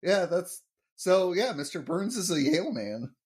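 Joking man with a lively voice. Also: sits high, measured pace. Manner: joking, laughs often, explains trivia. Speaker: podcast co-host. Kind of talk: casual episode recap chat.

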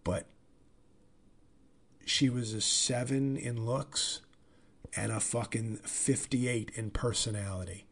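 A man hosting a podcast, telling a comic story in an animated, profane, rambling way. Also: mid-range voice, slow, pauses often. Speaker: comedian and podcast host. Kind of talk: casual comedic monologue.

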